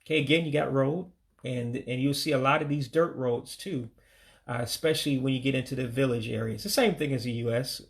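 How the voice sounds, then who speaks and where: American man, gravelly voice, casual vocabulary lesson, repeats words slowly, gives English meanings. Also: mid-range voice. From United States. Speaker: language learner teaching vocabulary.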